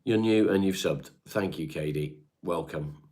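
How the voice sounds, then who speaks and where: A man's voice: low voice, unhurried, a little mellow. A middle-aged man with a Devon English accent, chatting casually and bluntly on a home livestream, swearing freely and answering viewers. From England. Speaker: livestream host reading chat. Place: his home.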